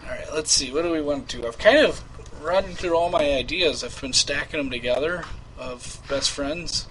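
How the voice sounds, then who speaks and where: Brief: male prank-show host, bright, slightly high voice, chatty and crude, faint hiss behind. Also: moderate pace, rough recording. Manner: loose, laughing, swears freely. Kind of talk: casual live-stream chat.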